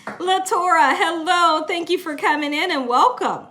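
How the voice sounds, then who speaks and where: A woman's voice: very high voice, moderate pace, sharp tone. A woman, chatting casually on a cooking livestream in her home kitchen, reading viewer comments aloud and laughing often. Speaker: cooking channel host.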